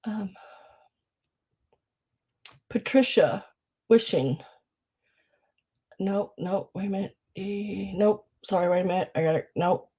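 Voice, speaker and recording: A woman hosting a live online sale, tearful and crying as she talks, emotional and grateful, halting between her words. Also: medium pitch, dark tone, husky. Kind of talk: live-streamed auction chat.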